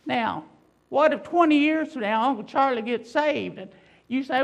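A woman's voice: high voice, animated, moderate pace, gravelly, highs cut off. A woman preacher delivering a sermon, emphatic and full of rhetorical questions.

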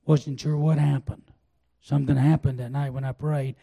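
An older man preaching a sermon, telling a personal testimony in a folksy, drawn-out way. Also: medium pitch, little pitch movement, vocal fry, dark tone, husky. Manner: folksy storytelling, drawn-out pauses. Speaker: pastor.

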